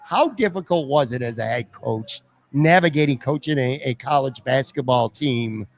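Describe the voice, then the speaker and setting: A man's voice: medium pitch, moderate pace. A man hosting a live podcast interview at a pizza restaurant, asking long, rambling questions. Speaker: podcast host.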